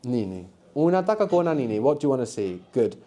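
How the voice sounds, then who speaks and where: This mellow, medium-pitched man talks fast, his pitch swinging widely as he runs a live language workshop for university students. He patiently prompts them with questions and answers in a university lecture room.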